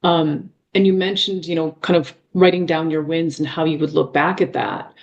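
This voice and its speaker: A woman's voice: sits low, steady tone, normal speed, lo-fi sound. A woman hosting an interview, asking questions and affirming her guest in an encouraging way. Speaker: host and chiropractor.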